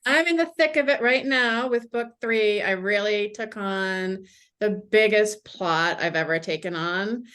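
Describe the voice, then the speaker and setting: A woman's voice: mid-range voice, measured pace, a bit bright, clear, resonant tone. An American woman, a mystery author, talking casually in an interview with many "you know" fillers. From United States. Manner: chatty, frequent "you know" fillers, laughs easily.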